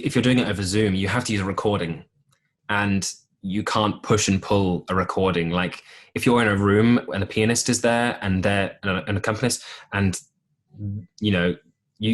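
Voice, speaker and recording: A young man, a musical theatre actor, chatting as a podcast guest in a rambling way with many restarts. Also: lowish voice. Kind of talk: casual chat.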